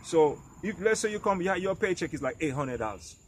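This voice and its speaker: A man's voice: high-pitched, expressive, a little fast, slight background noise. A middle-aged man giving emphatic, preachy advice straight to camera in a vlog. He keeps asking the listener if they understand, and he often stumbles and repeats words. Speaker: vlogger. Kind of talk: direct-to-camera advice rant.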